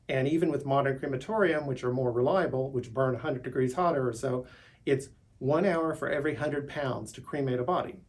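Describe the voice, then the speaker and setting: A man's voice, pitched a little high, carries this loose solo monologue. He is middle-aged, stops and restarts his phrases, and hammers on key words with rising emphasis. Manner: rambling, emphatic, restarts words, voice climbs when indignant. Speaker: vlogger. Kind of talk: unscripted monologue to camera.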